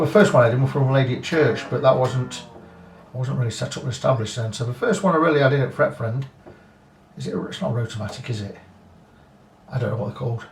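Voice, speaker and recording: A man's voice: medium pitch, slight background noise. A man working as a guitar repair technician, talking casually through a setup and thinking aloud with frank asides. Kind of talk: casual workshop demonstration. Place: guitar workshop. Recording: roomy workshop, mic at a distance, faint music.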